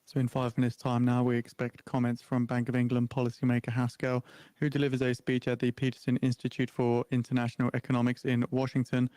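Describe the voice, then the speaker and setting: A man reading a formal financial news update in a brisk, scripted style. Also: medium pitch, monotone, dark tone, dry recording, clean studio sound.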